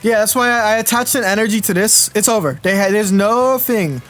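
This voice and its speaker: A young man in his twenties streams a card game and chats along, his voice sitting high for a man. He rambles, trips over restarts and keeps turning to answer his viewers. Faint music runs quietly behind him. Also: a little fast. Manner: rambling, self-interrupting, chatty with viewers. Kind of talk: casual live-stream commentary.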